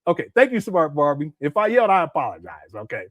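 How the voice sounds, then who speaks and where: A man's voice: on the high side, huge pitch swings, fast talker, a bit bright, dry recording. A man hosting a casual livestream, reading chat messages aloud and laughing often as he talks back to viewers.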